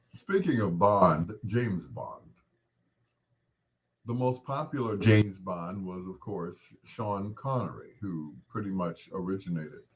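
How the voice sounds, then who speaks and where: An older man hosts a loose, casual chat with his viewers, rambling easily from one thought to the next. His voice sits low, and he takes his time, letting each phrase stretch out. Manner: relaxed, rambling, greets viewers by name. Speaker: host.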